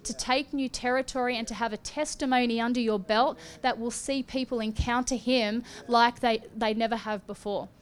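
A woman preaching and giving prophecy in a fervent charismatic style, with rising exclamations and sharp gasps. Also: a little high, steady tone, moderate pace, hardly any pauses, clean tone. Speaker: prophetic minister.

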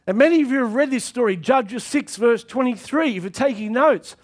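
A man preaching a sermon to his church, reading scripture and pushing into shouted calls to action. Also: very high voice, animated, a little fast. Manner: impassioned preaching that swells into shouted exhortations.

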